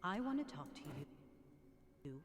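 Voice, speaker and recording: A pushy, preachy family friend. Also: female voice, on the low side, sing-song, normal speed, crowd noise. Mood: insistent. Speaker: video game character.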